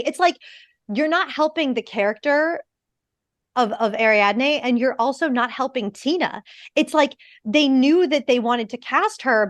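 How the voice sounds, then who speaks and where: A woman who is an actor and podcast host, chatting in an animated, opinionated way and swearing freely. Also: fairly high pitch, no room sound, studio quality. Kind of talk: casual podcast chat.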